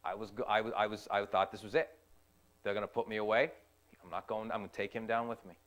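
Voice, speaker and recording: Earnest man sharing a halting testimony. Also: on the low side, flat delivery, a bit bright. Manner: earnest, halting, repeats phrases. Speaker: youth ministry volunteer. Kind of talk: personal testimony.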